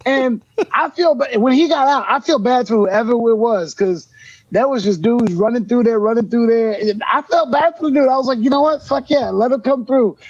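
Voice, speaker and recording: A man co-hosting a podcast, telling a profane story in casual chat and loudly quoting people. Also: very high-pitched, normal speed, dry recording, dull audio. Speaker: podcast co-host.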